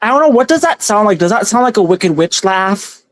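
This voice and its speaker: Her mid-range voice is expressive and fairly quick, with no echo. This tarot reader and livestream host chats casually and giggles, reading viewers' comments aloud and warmly thanking them by name.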